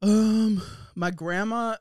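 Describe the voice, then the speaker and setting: On a studio mic, a young man co-hosts a podcast, tossing out loose questions, joking and laughing often in a playful, casual chat. He speaks extremely slowly with a high, slightly mellow voice and fairly even intonation, and there's no room sound.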